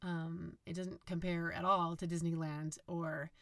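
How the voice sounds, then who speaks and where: Casting a woman from Utah for a solo podcast: low husky rasp, dry close-mic sound, chatty and rambling. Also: flat delivery, measured pace, a bit bright, no room sound. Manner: chatty and rambling, with fillers and self-corrections. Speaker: podcast host. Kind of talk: casual solo podcast monologue.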